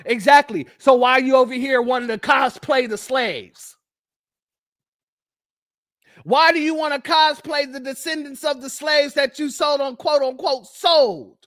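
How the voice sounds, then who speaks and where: A man with a strikingly high voice delivers heated livestream commentary. He is combative and numbers off his points, in a dry, close sound with no room echo. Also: moderate pace, fairly bright tone. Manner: combative, lists points one by one. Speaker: livestream host.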